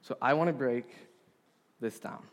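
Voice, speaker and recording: A man's voice: medium pitch, a little slow. Earnest male preacher in a reverberant hall. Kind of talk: sermon. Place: congregation hall.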